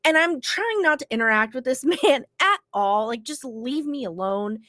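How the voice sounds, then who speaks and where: Woman, podcast co-host, congested, animated storyteller, slightly high voice, dry close sound. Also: normal speed, dry recording. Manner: animated storyteller, swears casually. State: congested from illness. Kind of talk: casual podcast chat.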